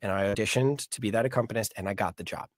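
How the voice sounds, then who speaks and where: A man's voice: fairly low pitch, rapid-fire, no room sound, studio quality. A man who is a pianist and actor, telling his story in a casual interview and acting out the dialogue he quotes. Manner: animated, acts out quoted dialogue.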